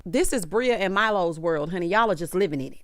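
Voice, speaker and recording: A woman's voice: fairly low pitch, lively intonation, quick pace, no echo, studio quality. A woman giving a sassy, casual recap of a reality TV episode, mimicking the cast in changing voices.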